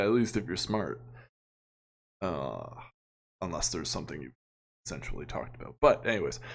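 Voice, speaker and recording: A man with a notably low voice hosts an offhand reaction commentary. He talks casually and opinionatedly, chuckling often as he goes. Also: lively intonation, normal speed. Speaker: commentary channel host.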